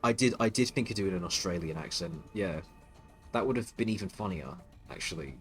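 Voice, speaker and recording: A man's voice: low voice, animated, brisk, a bit bright, faint music behind. Scornful, stammering male streamer ranting. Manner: contemptuous, stuttering restarts, swearing.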